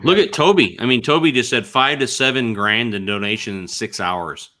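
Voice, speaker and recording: A man's voice: medium pitch, moderate pace. A man hosting a casual livestream, telling stories with lots of animation. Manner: animated storyteller. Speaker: livestream host. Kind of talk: casual chat.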